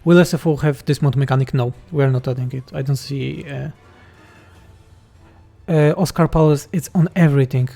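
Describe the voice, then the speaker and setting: A man's voice: medium pitch, fairly even intonation, normal speed, gravelly, dark tone, soft background music. A man from Poland with a Polish accent, a game mod developer reading chat questions aloud and answering them bluntly and jokingly on a livestream.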